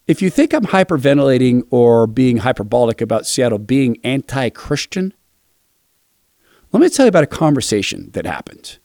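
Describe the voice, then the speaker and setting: Man, political commentator, sarcastic and mocking, mid-pitched voice, dry close sound. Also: very animated, moderate pace, dark tone, no room sound. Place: Seattle area.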